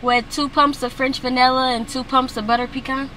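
A young woman chats to her viewers, calling them y'all and giving a running commentary as she vlogs. She talks into a handheld phone camera. The recording is noisy, with steady sound behind her voice. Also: high-pitched, a little fast. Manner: chatty, addresses viewers as y'all. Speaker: vlogger. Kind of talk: casual vlog talk to camera.

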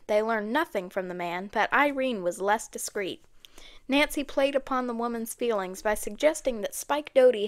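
A woman narrating an audiobook in a steady storytelling manner. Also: fairly high pitch. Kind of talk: scripted narration.

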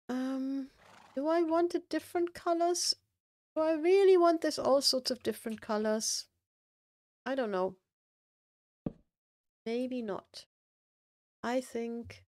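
A woman live-streaming a game, chatting with her viewers in a slow, relaxed way and thinking aloud with plenty of ums. Her voice sits a bit high, and the close microphone sounds dry, with no room sound. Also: dry recording. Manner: chatty, thinks aloud, answers chat, many fillers. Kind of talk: casual live-stream chat.

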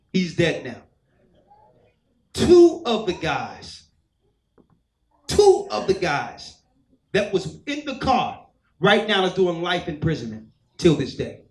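A man's voice: fairly high pitch, reverberant, poor audio. A man preaching as a church elder, telling a personal testimony and acting out the voices of people in his story. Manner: storytelling, acts out quoted voices. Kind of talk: sermon testimony.

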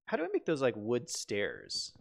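A man's voice: medium pitch, wildly swooping pitch, normal speed, vocal fry. A man live-streaming a building game, chatting casually, asking himself questions and reading viewer comments aloud. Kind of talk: casual live-stream chat while playing.

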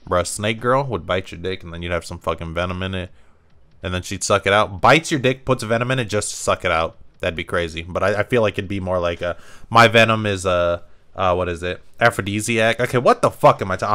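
Young male let's player, joking and profane, low pitch, bright animated voice. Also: brisk. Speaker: gamer. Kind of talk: let's play commentary.

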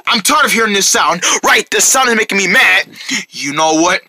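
A man performing a comedy skit, voicing excitable characters who burst into shouts. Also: high-pitched, fairly quick, slight background noise.

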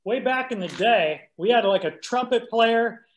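A man's voice: very high-pitched, animated, a little slow, slight background noise. A man, a musician guest, chatting casually in an interview and laughing often. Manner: laid-back, laughs often. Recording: roomy echoey sound.

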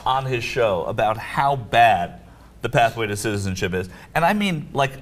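A man's voice: mid-range voice, animated, moderate pace. A man co-hosting a political commentary panel, adding wry, joking asides. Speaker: co-host.

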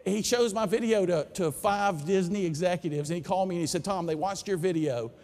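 Giving a keynote in a big conference hall, a philosophy professor with a Southern US accent tells stories and animatedly voices their dialogue. His voice sits high and he speaks briskly, with a big-room sound.

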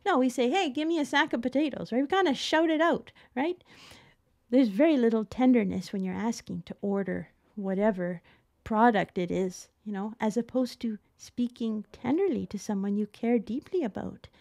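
A middle-aged woman teaching piano in a chatty, expressive way, often laughing as she explains. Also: on the high side, normal speed, vocal fry. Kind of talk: casual spoken tutorial.

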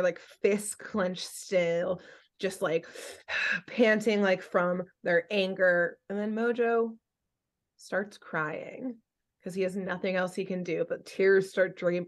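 A young adult woman with a medium-pitched voice hosts a podcast, recapping a cartoon episode. Her storytelling is animated and casual, packed with fillers.

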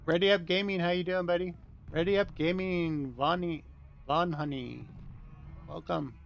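A man's voice: high voice, steady tone, moderate pace, vocal fry, highs cut off. A man hosting a casual gaming stream on a headset, greeting viewers by name and laughing often.

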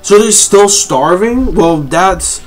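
A man reviewing a comic chapter live, reading panels aloud and reacting excitedly with lots of swearing. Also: high-pitched, slow, faint music behind. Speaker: manga reviewer.

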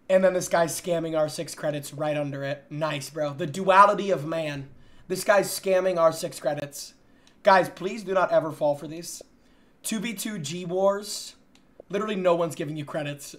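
A man streaming a video game, talking excitably with loud, profane outbursts and yelling. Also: a little high, normal speed. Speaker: gaming streamer. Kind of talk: excitable gameplay commentary.

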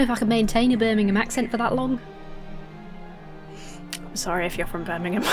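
A woman's voice: mid-range voice, fairly quick, pauses often. A young woman casually commenting on a game she plays, wry and sweary, reading the game text aloud and trying on accents. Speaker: streamer playing a game. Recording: game music behind.

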